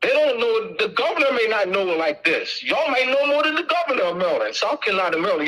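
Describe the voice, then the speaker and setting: A man's voice: high-pitched, big pitch swings, quick pace, bright, forceful tone, low-quality recording. A middle-aged man giving an informal lecture to an audience, emphatic and repetitive as he drills each point home.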